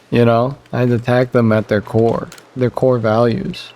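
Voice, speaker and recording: A young man chatting casually while streaming a game, rambling and animated, jumping high when he quotes other people.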